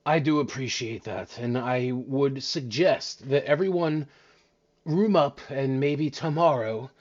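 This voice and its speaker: A man voicing a middle-aged innkeeper in a tabletop game, formal and measured. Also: mid-range voice, a little mellow, highs cut off. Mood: calm.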